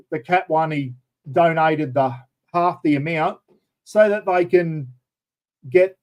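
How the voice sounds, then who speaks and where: A man's voice: a little high, darkish tone, low-quality recording. An Australian man hosting a casual live chat, rambling and chatty, calling everyone mate. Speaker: livestream host.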